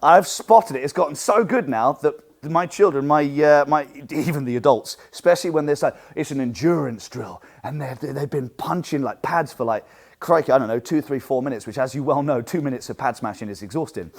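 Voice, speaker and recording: A man teaching a coaching seminar for martial arts instructors, lively and animated, acting out what he says to students. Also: medium pitch, brisk, gravelly. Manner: lively, animated, acts out quotes.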